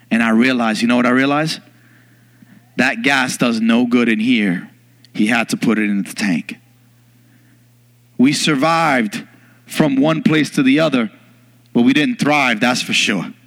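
Bright animated male preacher. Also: mid-range voice, measured pace, pauses often. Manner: animated storyteller, bursts into loud yelling in acted scenes. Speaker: pastor. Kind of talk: sermon with storytelling. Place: church.

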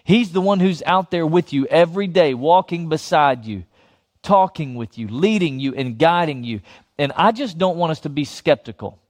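Animated male pastor, higher voice. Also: moderate pace. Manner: animated, repetitive, chuckles between points. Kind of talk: sermon.

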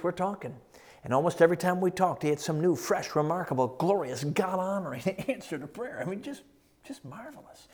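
A man preaching a sermon, telling stories with animated quotes and frequent laughter before teaching. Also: fairly high pitch.

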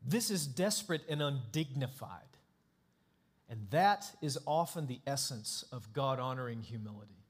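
A man's voice: mid-range voice, animated, normal speed, slightly rough. Emphatic, dramatic male pastor preaching. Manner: emphatic, dramatic, swings from hushed to loud. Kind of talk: sermon.

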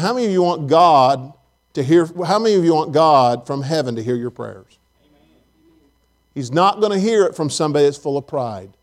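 A man's voice: on the high side, darkish tone. A man preaching a sermon in a church auditorium, emphatic, repeating phrases and putting questions to the congregation.

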